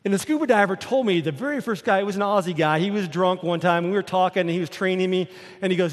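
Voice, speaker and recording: A man's voice: sits high, fast. A male pastor preaching a sermon, telling a story with emphatic repetition. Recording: long hall reverb.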